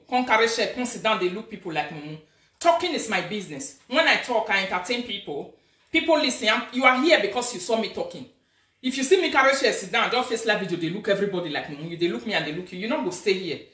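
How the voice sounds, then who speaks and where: A woman with a Nigerian accent hosting a live video as a social media influencer, talking in an animated, scolding, emphatic way. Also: medium pitch, recorded from a distance. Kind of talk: casual live-stream rant. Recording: echoey room, away from the mic.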